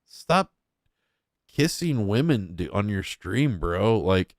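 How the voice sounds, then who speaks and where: Crude mocking young man, low voice. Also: sing-song, slow, no room sound, clean studio sound. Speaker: streamer reacting to clips. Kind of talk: casual reaction commentary.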